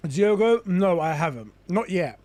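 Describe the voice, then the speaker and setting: A man's voice: high-pitched, animated, unhurried, darkish tone, no room sound. A young adult man chatting casually on a live stream, theorizing in a rambling way with lots of restarts. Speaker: gaming streamer.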